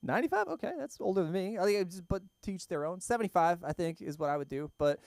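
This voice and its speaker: A man's voice: high voice, animated, fast talker, gravelly, darkish tone, dry recording, studio quality. A young man doing an open-mic stand-up set in a small comedy club, rambling and self-deprecating, often laughing at his own jokes.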